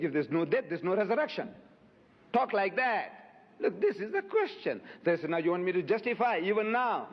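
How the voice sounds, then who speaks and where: A man answers his critics in a public debate with forceful, rhetorical passion, pressing the same questions again and again. His voice sits somewhat high. The old lo-fi recording sounds dull, and a long reverb trails through the hall. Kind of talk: impassioned public debate rebuttal.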